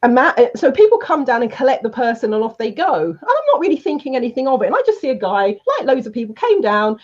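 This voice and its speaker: A woman with a fairly high voice tells her story with energy, acting out the voices of the people in it. The recording is dull and lo-fi and has a muffled top end. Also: fast. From South London, England. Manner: lively, acts out quoted voices. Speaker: guest speaker and trainer. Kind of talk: animated storytelling in an interview.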